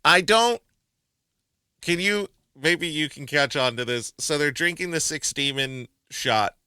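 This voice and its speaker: A man co-hosting a casual movie podcast, his voice very bright and swinging widely in pitch. He laughs often and acts out lines from the film with relish. The sound is close and dry. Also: expressive, unhurried, smooth, no room sound. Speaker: podcast co-host. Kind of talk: casual movie review chat.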